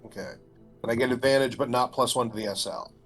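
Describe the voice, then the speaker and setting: A man playing a tabletop game asks short, checking questions about what he can roll. His voice sits at an ordinary mid pitch, with casual, conversational delivery. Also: fairly even intonation, fast, faint music behind. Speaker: player.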